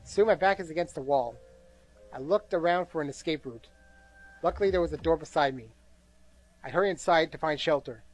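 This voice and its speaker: A man's voice: a little high, a little fast, pauses often, faint music behind. A man reading a game's narration aloud during a playthrough, tired and bored, with small slips and asides. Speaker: gameplay commentator reading game text aloud.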